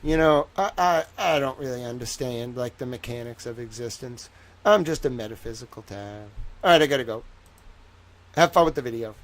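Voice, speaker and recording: A man's voice: medium pitch, moderate pace, slight background noise. Rambling Boston-accented man on a livestream. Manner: rambling, excitable, swears, laughs often. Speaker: livestream host. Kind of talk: casual livestream chat.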